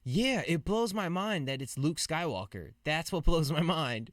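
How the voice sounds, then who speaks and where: A man's voice: a little high, animated, measured pace, no echo, studio quality. A man hosting a gaming podcast, chatting in a laid-back way and laughing easily. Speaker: podcast host and streamer. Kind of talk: casual chat.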